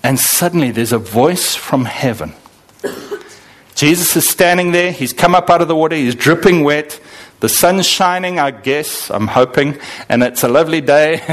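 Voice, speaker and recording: Guy preaching, kinda high voice, jumps around a lot when he talks. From Zimbabwe. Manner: animated, with sudden dramatic swings in pitch and pace. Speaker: pastor. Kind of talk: sermon.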